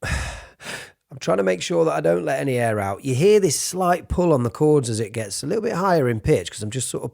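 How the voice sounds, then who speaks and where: A raspy, breathy-voiced man giving a casual singing lesson, demonstrating sounds as he explains. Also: mid-range voice, a little mellow. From United Kingdom. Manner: informal, demonstrates sounds mid-sentence. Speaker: vocal coach.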